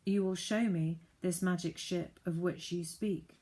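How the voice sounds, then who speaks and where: Polite, threatening adult prince, voiced by a woman narrator; unhurried, low. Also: steady tone, dark tone, natural voice. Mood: silkily threatening. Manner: courteous with a threatening edge. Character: smooth menacing adult male prince, falsely polite.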